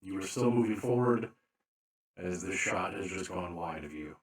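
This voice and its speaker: A man narrating a tabletop game as game master, slow and deliberate with frequent fillers. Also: low-pitched, echoey room.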